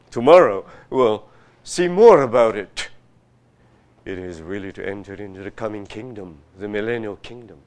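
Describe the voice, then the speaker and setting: A man preaching a sermon, reading scripture aloud and pressing his listeners with rhetorical questions in a slow, emphatic way. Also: lowish voice. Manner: reads scripture aloud with rising force. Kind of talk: sermon, Bible exposition.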